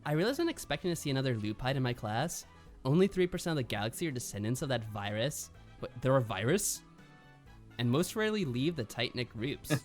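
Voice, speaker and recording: Man reading game narration with a lively pitch. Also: a little fast, soft background music. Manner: reads narration aloud, then muses on it. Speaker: streamer reading a visual novel. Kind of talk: reading narration and casual commentary.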